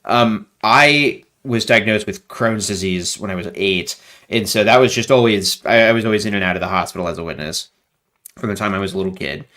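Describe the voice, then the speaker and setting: Low-voiced man chatting as guest. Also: fairly quick. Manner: animated, rambling with frequent fillers and laughs. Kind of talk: casual conversational interview.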